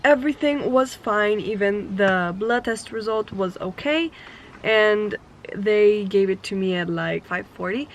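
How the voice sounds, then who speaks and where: A woman's voice: mid-range voice, lively intonation, a little slow, a little hiss or hum. Chatty young woman vlogger. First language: not English. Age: young adult. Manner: chatty, rambling, often trails into soft whispers. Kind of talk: casual storytime vlog.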